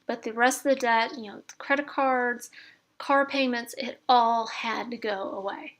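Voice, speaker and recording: A middle-aged woman with a slightly high voice talks through her budgeting spreadsheet like a friendly screen-share lesson. She is chatty and encouraging, stumbling now and then with fillers and quick corrections as she explains the numbers. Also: fairly even intonation, a bit bright. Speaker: instructor demonstrating a debt spreadsheet. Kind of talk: casual screen-share tutorial.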